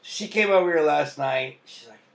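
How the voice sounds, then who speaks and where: A man's voice: fairly high pitch, moderate pace, gravelly, a bit bright. A young adult man telling a rambling story in a casual vlog, full of fillers and laughs. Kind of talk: rambling personal vlog monologue.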